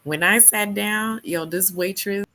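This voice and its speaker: A young woman from New York telling a story in casual chat, animated, often laughing and loudly acting out what people said. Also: mid-range voice, unhurried. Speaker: book club host.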